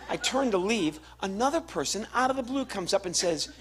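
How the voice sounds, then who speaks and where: Briskly and in a high voice, a man tells a comic story on stage, performing the voices of its characters during his stand-up set. Background noise mixes with the laughter of the live audience.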